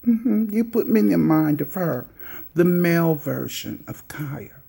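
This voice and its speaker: A woman's voice: fairly low pitch, animated, a little slow, creaky, mellow, husky. A woman vlogger calling out another vlogger in a sassy, scolding, teasing way.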